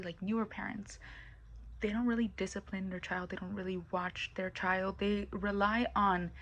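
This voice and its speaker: A woman's voice: mid-range voice, rough recording. Blunt, swearing woman vlogger. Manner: blunt and profane, with frequent hushed, whispered asides. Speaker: commentary vlogger. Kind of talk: casual rambling commentary.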